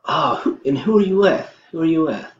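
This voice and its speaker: Picture a brash older politician, mimicked by a man who waves everyone off with a sneer. His voice jumps up high and gets loud and mocking. It sounds thin and lo-fi in an echoey room. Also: expressive, a little fast, slight background noise, natural voice. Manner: sneering, raised voice.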